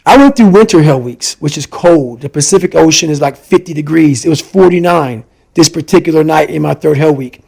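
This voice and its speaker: High-voiced man, emphatic and intense. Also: fairly quick, creaky, a little mellow, poor audio. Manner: emphatic and repetitive, hammering points home. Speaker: podcast guest. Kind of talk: intense personal storytelling in conversation.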